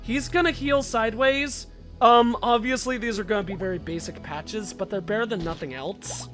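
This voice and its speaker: A man casually commentating his gameplay, excitable and quick to shout orders at his characters. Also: sits high, faint music behind. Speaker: game let's-play host.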